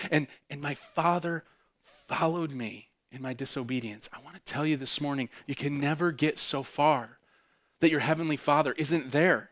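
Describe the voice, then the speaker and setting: A male pastor preaching a sermon. He swings between loud, fervent bursts and hushed, intimate passages, and he repeats phrases for emphasis. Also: on the high side, brisk.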